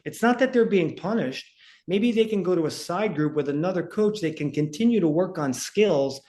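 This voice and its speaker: A man's voice: on the high side, a little mellow. A man talking as a breathing instructor on a podcast, explaining energetically in casual chat and checking in with "right?".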